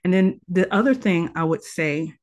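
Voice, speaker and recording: Earnest female tantra teacher, slightly low pitch, walks through advice step by step. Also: lively intonation, normal speed, a little mellow. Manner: earnest, instructive, speaks in lists of tips. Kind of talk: conversational interview.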